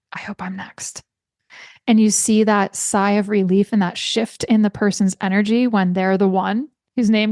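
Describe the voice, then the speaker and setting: A woman's voice: mid-range voice, warm tone, no room sound. Passionate woman podcaster, dry close sound. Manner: passionate, storytelling with emphatic repetition. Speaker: podcast host. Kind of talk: solo podcast monologue.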